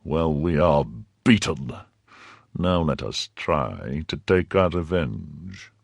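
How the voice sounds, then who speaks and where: A man voicing a powerful older cardinal who questions in a measured, probing way and commands quietly. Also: extremely low pitch, animated, gravelly, dry recording, heavily acted. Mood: terse. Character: powerful older male cardinal, cold, calculating.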